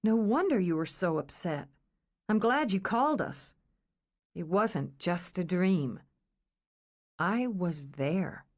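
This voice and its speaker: A woman's voice: lowish voice, expressive, slow, pauses often. A woman reading aloud, voicing an earnest young woman unsettled by something strange.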